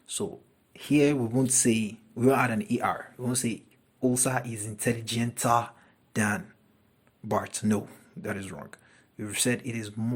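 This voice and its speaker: A man teaches a grammar lesson at an unhurried pace. His voice is husky and a little breathy. He walks through each example carefully and repeats it for his students. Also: on the low side. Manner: deliberate, repeats each example sentence twice.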